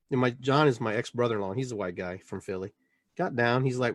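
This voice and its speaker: A middle-aged man hosts a casual town-hall style chat, talking in an emphatic, rambling way with frequent restarts. His voice sits at an ordinary pitch for a man. The recording is dry, with no room sound. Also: fast. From Peru. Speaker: podcast host.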